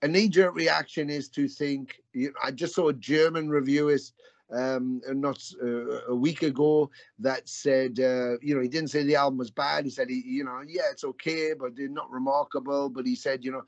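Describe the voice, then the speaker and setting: A man's voice: mid-range voice, steady tone, moderate pace, no echo. A man being interviewed as a musician, talking in a rambling, reflective way with many restarts. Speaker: musician guest. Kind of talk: casual interview chat. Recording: slightly dull, dry audio.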